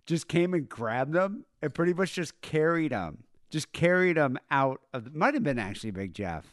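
A man's voice: on the high side, animated, moderate pace, no echo, clean studio sound. A man calling in, telling a story in a loose, rambling, profane way. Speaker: caller. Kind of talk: casual storytelling.

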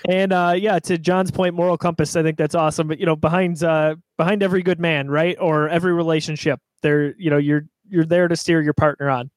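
A man's voice: fairly high pitch, no room sound. A man hosting a casual movie podcast, steering the talk and handing over to guests. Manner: measured, moderating the discussion. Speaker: podcast host.

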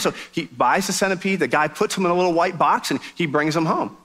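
A man preaching a sermon as pastor, telling a joke in an animated storytelling manner. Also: on the high side, quick pace, few pauses, breathy edge.

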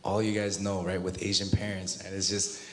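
A man's voice: deep voice, level tone, a little fast, a bit bright. A man from Southern California giving a casual personal testimony as an interview guest, acting out the voices of the people in his story and laughing often. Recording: long reverb, faint noise.

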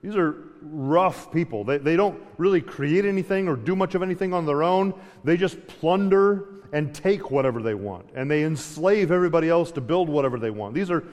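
A man's voice: a little high, expressive, fairly quick, hardly any pauses, darkish tone. Conversational male preacher in a reverberant hall. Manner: conversational, with frequent restarts and dramatic paraphrase. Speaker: pastor. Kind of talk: sermon.

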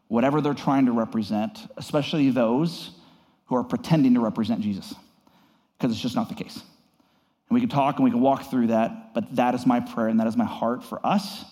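A man at mid pitch delivers an earnest devotional message as a pastor. His words come in halting bursts full of fillers, then climb higher and louder on the key points. A long hall reverb trails every phrase.

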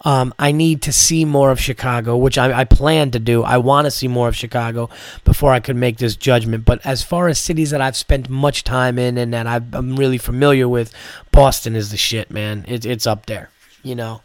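Hoarse, profane New comedian. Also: male voice, fairly even intonation, moderate pace, no echo. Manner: profane, storytelling, rants with rising pitch. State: hoarse, sick-sounding. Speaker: comedian podcast host. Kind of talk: casual chat.

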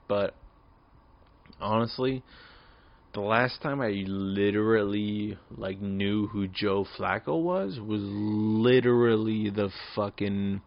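In a lowish, gravelly voice and at a somewhat slow pace, a drunk man in his early twenties rambles through his own solo podcast. He swears and repeats himself in a casual rant, and the lo-fi recording sounds dull.

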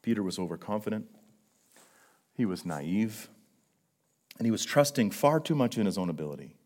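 A man preaching a sermon, talking earnestly to his congregation and swinging between hushed, low passages and emphatic, raised ones. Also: expressive, moderate pace. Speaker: pastor.

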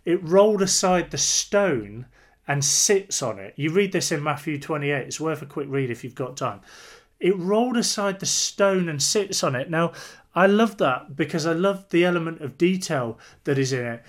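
A man's voice: a little high, expressive, normal speed. A man preaching a sermon in an earnest, emphatic way, repeating phrases for weight.

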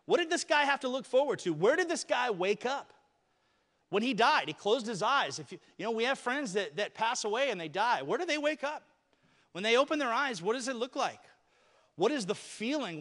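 A man's voice: very high voice, a bit bright, long reverb tail. A male pastor preaching a sermon in a church, conversational and engaging his congregation. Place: church sanctuary.

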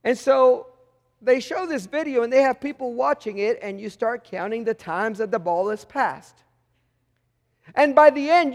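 A man preaching a sermon as pastor, conversational and full of rhetorical questions, acting out the voices he quotes. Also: very high voice. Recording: long reverb of a large hall.

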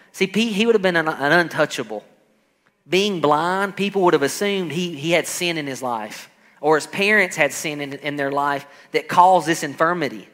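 A man's voice: fairly high pitch, animated, normal speed, sharp tone. A man preaching a sermon, emphatic, calling out to his congregation and acting out quoted voices. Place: church hall. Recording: echoing hall with faint music.

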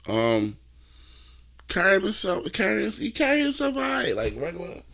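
A man co-hosting a casual podcast chat, talking in slang, halting and repeating himself. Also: high voice, wildly swooping pitch, vocal fry, bright, forceful tone. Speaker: podcast co-host.

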